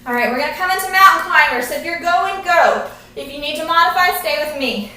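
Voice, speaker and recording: This fitness coach has a very high, animated voice that comes out brisk and sharp while she exercises and urges everyone on, short of breath. The clip is shot live from a distance in a strongly echoing room.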